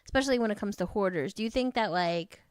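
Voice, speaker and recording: A woman's voice: mid-range voice, fast talker, clear, resonant tone, no echo. A woman co-hosting a podcast in casual chat, reading bits from articles aloud and laughing easily. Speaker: podcast co-host.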